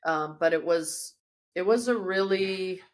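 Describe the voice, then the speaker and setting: A woman yoga teacher, a podcast guest, telling a personal story in a lively, animated way with frequent restarts, recorded in her studio. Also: lowish voice, unhurried. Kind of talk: casual storytelling interview.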